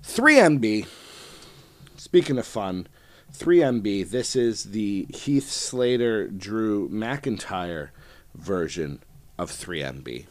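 A man hosts his own podcast solo, rambling casually with lots of fillers and restarts and a self-deprecating streak. His voice is on the low side, animated and slow, in a dry recording.

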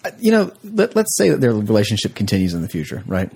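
A man's voice: fairly low pitch, huge pitch swings, fast, gravelly, darkish tone, slightly rough. A man in a casual podcast chat, sharing trivia in a matter-of-fact way. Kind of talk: casual film discussion.

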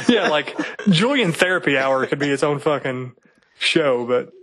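A man's voice: on the high side, takes it slowly, pushed and bright, dry recording, low-quality recording. A man from eastern Kentucky, co-hosting a podcast, telling rambling, profanity-filled stories in casual chat. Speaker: podcast co-host.

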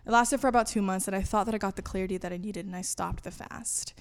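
A woman's voice: mid-range voice, fairly even intonation, quick pace. A woman guest in a podcast interview, talking candidly about her faith with fillers and laughs. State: voice cutting out. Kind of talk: personal testimony interview.

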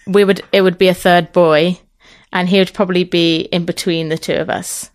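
An English woman, a guest comedian, chatting with deadpan jokes. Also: lowish voice, moderate pace, dry recording, studio quality. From England. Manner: deadpan, jokey. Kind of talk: casual chat.

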